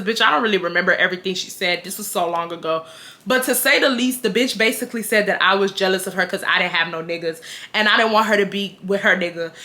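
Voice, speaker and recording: A woman's voice: medium pitch, bright, forceful tone. A woman in her twenties from Houston, telling a heated, profane storytime on her vlog, recorded on a phone camera. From Houston, Texas. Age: 20s. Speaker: vlogger.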